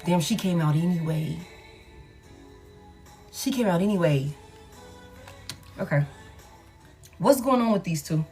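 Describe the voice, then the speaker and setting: A woman's voice: fairly low pitch, lively intonation, unhurried, long pauses, mellow, faint music behind. A woman doing a casual tarot reading. She talks bluntly, swears freely and repeats her lines. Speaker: tarot reader.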